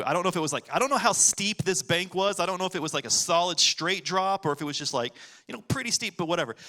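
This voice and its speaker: A man's voice: on the high side, pushed and bright. A man preaching a sermon as pastor, with an American accent, telling the story casually and acting out voices.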